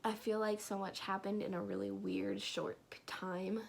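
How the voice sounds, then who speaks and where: A woman's voice: medium pitch, little pitch movement, creaky. A young woman telling a personal story in a casual, rambling vlog, now and then dropping to a whisper. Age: young adult. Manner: slow, rambling, drops into whispers and laughs.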